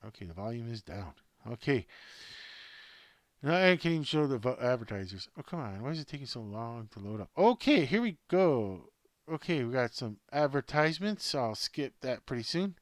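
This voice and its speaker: A man's voice: mid-range voice, sing-song, normal speed, no echo, clean studio sound. A man hosting a home-made sports news show, rambling off script at his laptop, chatting to himself and his plush toys. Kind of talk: casual off-script commentary.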